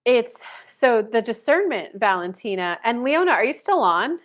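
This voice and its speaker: A woman's voice: a little high, very animated, normal speed. A woman in her thirties, a spiritual dating coach, chatting casually on a live stream and answering viewers, full of "like" fillers and blunt casual swearing.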